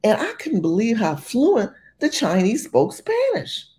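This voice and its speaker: Brief: woman commentator, lively pitch swings, warm dark tone, emphatic and rambling. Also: unhurried, a little hiss or hum. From California. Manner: emphatic, rambling, animated delivery. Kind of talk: political commentary video.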